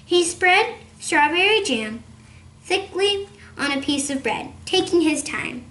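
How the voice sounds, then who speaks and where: A woman reading a children's novel aloud in a measured storytelling manner. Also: extremely high pitch, expressive, bright, forceful tone, reverberant. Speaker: narrator.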